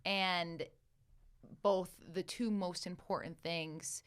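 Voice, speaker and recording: A woman's voice: lowish voice, steady tone, slow, clean tone. A woman hosting a casual interview podcast, affirming her guest with short backchannels and summing up his story. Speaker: podcast host.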